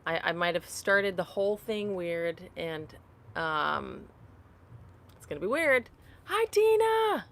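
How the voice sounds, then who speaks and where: A woman's voice: on the low side, slow pace, vocal fry, fairly bright tone. A woman hosting a casual live chat on her phone, talking to viewers, laughing often and getting sidetracked. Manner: chatty, laughs often, apologetic and easily sidetracked. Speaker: livestream host. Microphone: phone held upright.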